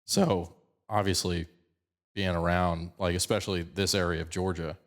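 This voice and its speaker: A man from Colorado with a slight picked-up Southern twang, hosting a podcast in fast, animated casual chat. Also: deep voice. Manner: fast-talking, animated storyteller. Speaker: podcast host.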